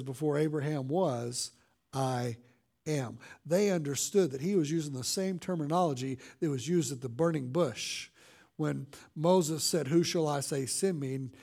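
This pastor's sermon is conversational and full of loose fillers, broken up by slow, dramatic readings of scripture. He is a man with a high-pitched, creaky voice.

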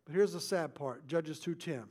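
A man preaching a sermon as pastor, his delivery swinging between loud stresses and hushed, intimate asides. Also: a little high, normal speed.

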